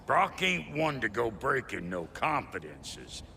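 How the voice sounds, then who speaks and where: Gravelly, brash dwarf smith. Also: male voice, mid-range voice, sing-song, slow, pushed and bright, slight background noise, exaggerated voice. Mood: gruff. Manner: brash, slangy, boastful. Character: gruff foul-mouthed male dwarf blacksmith. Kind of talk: video game voice acting. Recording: game audio with music behind.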